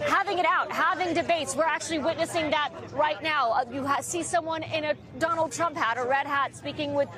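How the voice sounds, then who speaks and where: High-voiced female field reporter outdoors. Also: brisk, hardly any pauses. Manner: conversational, vivid scene-setting. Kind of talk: live outdoor news report. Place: outdoors near a courthouse park. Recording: outdoor crowd behind.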